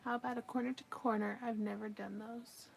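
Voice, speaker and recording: A woman chatting casually with her livestream viewers while she crochets, relaxed and talkative as she works. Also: on the high side, a little fast, gravelly, slight background noise. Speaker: livestream crafter.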